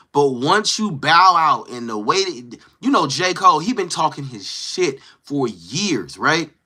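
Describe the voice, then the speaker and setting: A man hosting a casual livestream, talking to his chat in a slangy, animated way and acting out quoted lines. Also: a little high. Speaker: livestream host. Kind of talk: casual livestream chat, reading viewer comments.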